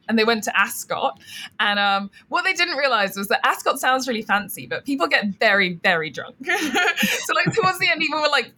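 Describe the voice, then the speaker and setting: A woman's voice: on the high side, sharp tone. A British woman with a London accent, a guest author chatting casually on a podcast, hesitant with many ums and prone to giggling. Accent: London English. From Britain.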